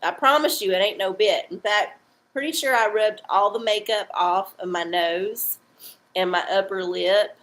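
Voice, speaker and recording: A woman's voice: mid-range voice, normal speed, a bit bright, rough recording. Chatty woman hosting a livestream. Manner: chatty, playful, uses y'all. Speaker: livestream host reading oracles. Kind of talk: casual livestream chat. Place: home.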